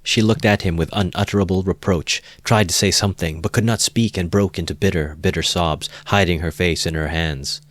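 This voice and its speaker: A man calmly narrating a novel as an amateur audiobook reader, in a measured way close to the mic. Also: low voice, no room sound.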